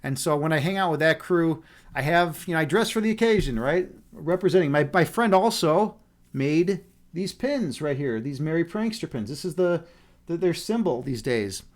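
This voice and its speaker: A man with a fairly high voice chats loosely to his live-stream viewers from home. He rambles in a friendly, playful way, often restarting his sentences as he goes, recorded on a webcam mic. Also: lively intonation, moderate pace. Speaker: livestream meditation host. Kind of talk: casual live-stream chat.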